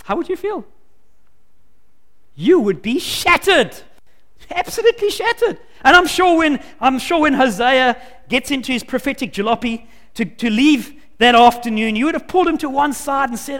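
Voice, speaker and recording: A man preaches with a strikingly high, lively voice that leaps up and down. He tells his story animatedly, doubling back on his words. His voice rings with the long reverb of a large hall. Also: moderate pace. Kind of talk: sermon.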